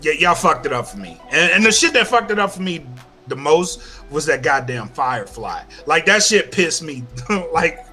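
Man, podcast host, lively swinging delivery, bright forceful tone, profane rant. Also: on the high side, normal speed, soft background music. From Louisiana. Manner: animated ranting, heavy swearing. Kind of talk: casual chat.

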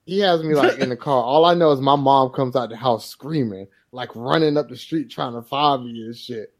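With a mid-range voice and a moderate pace, a man co-hosting a podcast shares a story from when he was a kid. He tells it with animation, imitating the people he quotes as the casual conversation goes on.

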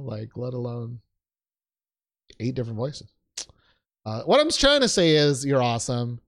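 Joking, laid-back man on a podcast. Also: fairly high pitch. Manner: joking, self-deprecating, lots of fillers and laughs. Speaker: podcast co-host. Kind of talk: casual podcast chat.

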